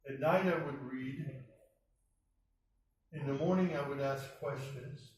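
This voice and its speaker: A man's voice: mid-range voice, slow pace, darkish tone, slight background noise. A man from the United States earnestly telling his personal testimony, acting out the voices of people he met. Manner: earnest storytelling, acts out quoted dialogue. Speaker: speaker telling his conversion story. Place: mosque hall. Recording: very echoey hall, mic at a distance.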